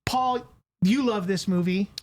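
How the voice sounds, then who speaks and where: A man's voice: high-pitched, a little slow. A man co-hosting a casual podcast, speaking with enthusiasm. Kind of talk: casual chat.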